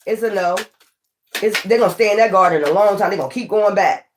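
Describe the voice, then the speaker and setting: A woman's voice: mid-range voice, fast talker, background noise. Blunt, profane woman reading tarot. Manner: blunt, profane, preachy and emphatic; rambling with frequent restarts. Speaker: tarot reader. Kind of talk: casual spiritual tarot reading.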